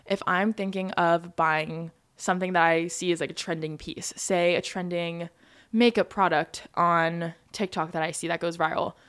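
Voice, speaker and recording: A woman's voice: lowish voice, fairly even intonation, normal speed, fairly bright tone, clean tone. A woman in her early twenties hosting her own podcast, chatting casually with lots of "like" and "you know" fillers. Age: young adult, 22. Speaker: podcast host. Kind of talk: casual solo podcast chat.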